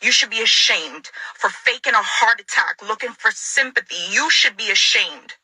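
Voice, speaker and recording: A woman's voice: a little high, animated, moderate pace, bright, forceful tone, slightly rough, no room sound, rough recording. A young adult woman ranting straight at an ex, confrontational and repeating lines for emphasis. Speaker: vlogger addressing her ex. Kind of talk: angry direct-to-camera rant.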